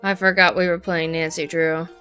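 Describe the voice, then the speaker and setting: A woman's voice: fairly low pitch, little pitch movement, normal speed, pushed and bright. Lady streamer talking herself thru a puzzle, kinda exasperated, faint music. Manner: thinks aloud, muttering and exasperated. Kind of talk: live game commentary. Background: background music.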